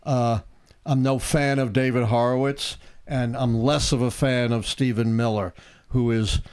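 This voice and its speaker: An older man, a professor and commentator, explaining politics in a measured, thoughtful way on a casual live stream. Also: mid-range voice, steady tone, darkish tone, clear, resonant tone.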